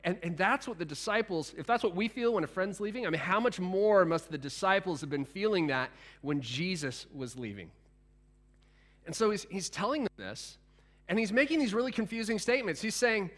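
A man preaching a sermon in a conversational, animated way, with frequent restarts and asides to the congregation. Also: high voice, brisk. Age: adult, past teenage years. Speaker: pastor.

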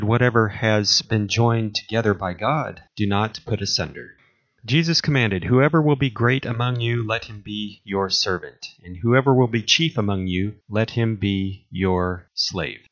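A man preaching, reading a long series of scripture commands aloud in a measured, solemn way. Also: lowish voice, fairly bright tone. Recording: dull lo-fi recording.

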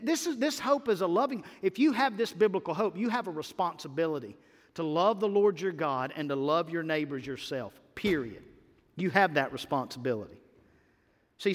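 A man pastor preaching an Easter sermon in a church, fervent and emphatic, often stammering and repeating words as he builds. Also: sits high. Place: church sanctuary. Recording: long church-hall reverb.

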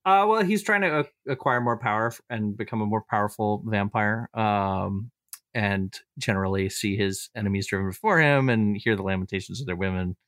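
Guy with a lowish voice, um-ing and uh-ing through his character backstory, dry close sound. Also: fairly quick, a bit bright, no echo. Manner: rambling, hesitant, heavy fillers. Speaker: tabletop game player. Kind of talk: casual chat describing a character.

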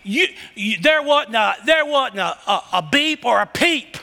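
A man preaching a sermon, moving from hushed questions to loud, shouted emphasis. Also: very high voice, animated, a little slow, vocal fry. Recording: long hall reverb.

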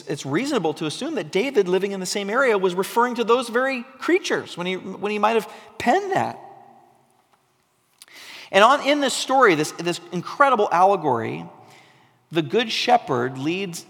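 A man preaching a sermon, telling a story with animation and sometimes dropping to a soft, intense tone. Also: sits high. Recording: long hall reverb.

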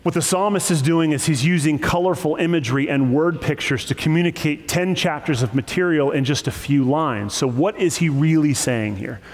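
A man preaching a sermon, lively and emphatic, with joking asides. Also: fairly high pitch, moderate pace, few pauses, big-room sound. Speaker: pastor.

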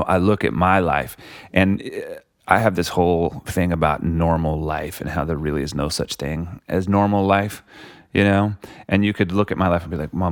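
Low-voiced guy rambling thoughtfully, lots of likes and you knows, dry close sound. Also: no echo. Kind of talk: casual conversation.

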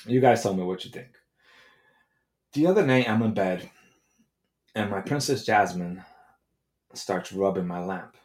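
A man's voice: low-pitched, animated, unhurried, long pauses, darkish tone, roomy sound. A man hosting a podcast, telling a comedic story in a brash, profane rant. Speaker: podcast host. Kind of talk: comedic monologue.

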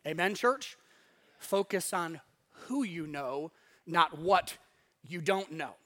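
A male pastor preaches with a fairly high voice and a lively, animated delivery. He speaks conversationally, repeats words as he restarts thoughts, and leans into points for emphasis. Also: slow. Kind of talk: sermon.

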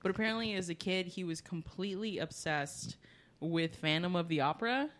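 A woman's voice: lowish voice, brisk. A woman co-hosting a podcast, telling stories in casual chat and laughing often. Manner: laughing, storytelling, chatty. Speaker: podcast co-host.

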